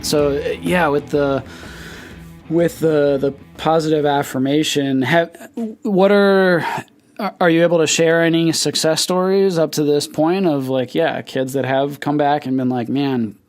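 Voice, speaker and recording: A man hosting a podcast, asking questions in a relaxed, hesitant way. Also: on the high side, measured pace, faint music behind. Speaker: podcast host. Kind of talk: casual interview chat.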